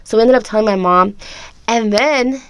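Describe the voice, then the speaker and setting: A woman's voice: on the high side, normal speed, smooth. A woman guest telling a childhood story in casual chat, chatty and full of "like", acting out family dialogue. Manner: chatty, heavy use of "like", acts out family dialogue. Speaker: podcast guest.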